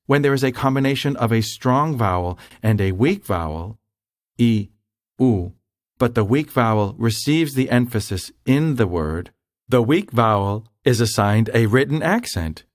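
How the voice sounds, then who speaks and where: A man giving scripted, measured explanations as a language instructor. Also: medium pitch, lively intonation, no room sound, studio quality.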